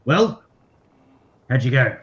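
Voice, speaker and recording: A gruff, impatient female boatswain barks short orders, as a man puts her on. Her talk is brusque and to the point. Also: medium pitch, very animated, slow pace, muffled recording. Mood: curt. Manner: curt, brusque.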